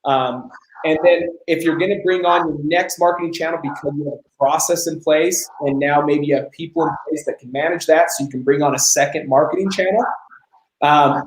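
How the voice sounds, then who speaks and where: A man's voice: on the high side, reverberant, slight background noise, poor audio. A man hosting a live Q&A on business coaching, telling stories and acting out the dialogue. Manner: animated storyteller, acts out quoted dialogue. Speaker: host.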